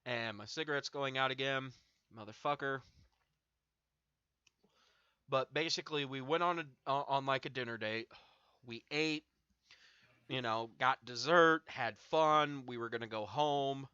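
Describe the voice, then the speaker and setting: A man's voice: medium pitch, unhurried, long pauses, pushed and bright, smooth, dry recording, highs cut off. A young man hosting a stream, smoking and telling a long, profanity-laced story in a rambling, filler-heavy way. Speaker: streamer host. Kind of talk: casual storytelling to chat.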